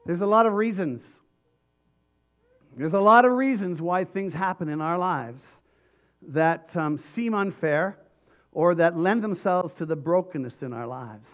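A man preaching a sermon with emphatic delivery and frequent restarts, his voice slightly hoarse. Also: high voice, unhurried, a bit bright. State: voice going hoarse. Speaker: pastor.

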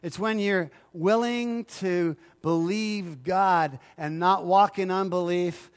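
A man's voice: sits high, slow, clear, resonant tone. A middle-aged male pastor preaching a sermon, emphatic and repetitive, asking the congregation for agreement.

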